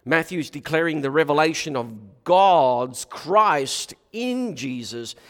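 A man's voice: fairly high pitch, lively intonation, slow, fairly bright tone, big-room sound. A man preaching a sermon, often restarting his phrases. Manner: hesitant, frequent restarts.

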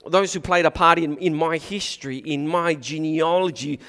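A man's voice: a little high, fairly even intonation, moderate pace, bright, forceful tone, long reverb tail. A man preaching a sermon, often restarting his phrases. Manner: hesitant, frequent restarts.

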